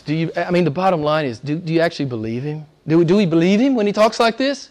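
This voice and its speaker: An older man preaching a sermon, shifting from loud emphatic calls to hushed near-whispers and pressing his listeners with rhetorical questions. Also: on the high side, big pitch swings, fast talker, hardly any pauses. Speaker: pastor.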